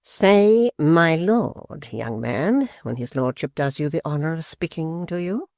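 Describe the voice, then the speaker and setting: An audiobook narrator voicing a male secretary who speaks mildly and in a measured way, with a gravelly edge. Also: mid-range voice, expressive, a little mellow, dry recording, studio quality. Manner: mild, measured, slow. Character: smooth, scheming male secretary.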